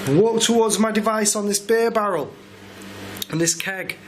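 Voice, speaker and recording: A man investigating alone in a pub cellar, calling out to spirits in a coaxing, hushed way while filming himself. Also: sits high, unhurried, noisy background. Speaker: paranormal investigator. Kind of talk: solo ghost-hunt narration. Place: pub cellar with beer kegs. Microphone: self-filmed camera mic.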